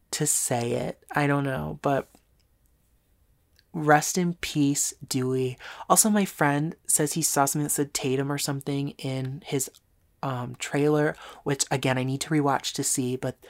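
A woman talking casually and emotionally about a film, gushing and repeating herself, often sighing and trailing off. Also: very deep voice. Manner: gushing, repetitive, frequent laughs and sighs. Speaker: movie reviewer.

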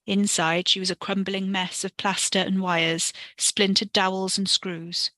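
A woman reading a story for a podcast in a steady, expressive way. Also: medium pitch, measured pace, no room sound. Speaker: podcast narrator.

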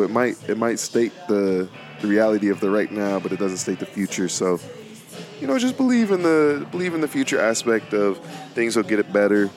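A young man with a fairly low voice talks casually about faith and his life, rambling along, repeating words and using plenty of informal slang. Faint music plays quietly underneath. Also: very animated, a little fast. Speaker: podcast host. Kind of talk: casual faith-based monologue.

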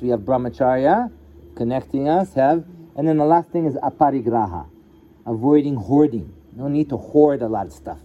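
Guy teaching yoga live, super mellow dark voice, kinda muffled recording. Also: medium pitch, slight background noise. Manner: casual storytelling with voiced asides. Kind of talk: live satsang talk.

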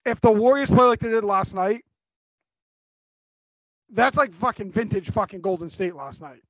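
A high-voiced man with a New England accent gives blunt, profane hot takes on a casual sports podcast. The sound is dry and dull, close and lo-fi. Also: lively intonation, normal speed, fairly bright tone, dry recording. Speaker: podcast co-host.

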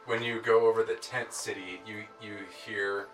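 A man's voice: fairly low pitch, fairly even intonation, moderate pace. A man narrating as game master of a tabletop game, hesitant, with lots of filler words. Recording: echoey, distant mic with music.

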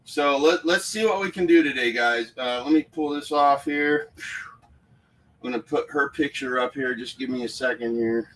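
A man's voice: mid-range voice, moderate pace, fairly bright tone, recorded from a distance, a little hiss or hum, low-quality recording. A man hosting a casual live stream from a room at home, fired up and profane, talking into his phone. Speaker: paranormal livestream host.

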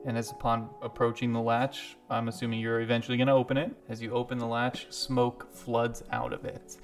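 A man's voice: mid-range voice, monotone, brisk, soft background music. A man running a tabletop game as game master, narrating loosely with frequent laughs.

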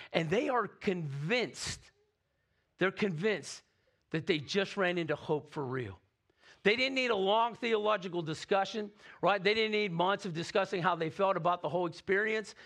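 Pastor guy preaching, kinda high voice, chatty and animated, keeps asking "right?". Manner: animated, conversational preaching with frequent "right?" asides. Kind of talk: sermon.

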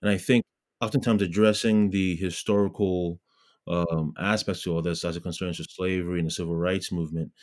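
Deep-voiced man from Ghana. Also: fairly even intonation, brisk. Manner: earnest, many fillers and restarts. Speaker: guest, pro-life blogger. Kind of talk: casual interview talk.

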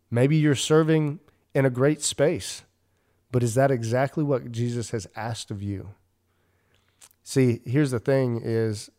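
A ministry leader and podcast host preaches in an earnest, conversational way, full of fillers and restarts. His medium-pitched voice has a darkish tone.

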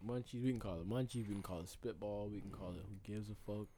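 A man co-hosting a casual podcast, telling profane stories in an animated way and acting out the people in them. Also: on the low side, fast talker, slight background noise. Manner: acts out the people in his stories. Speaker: podcast co-host. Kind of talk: casual chat.

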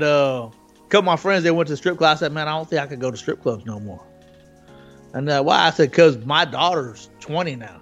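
A man's voice: fairly high pitch, fairly bright tone, dull audio. A man in his forties telling profane, laughing stories as co-host of a casual podcast. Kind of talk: casual chat.

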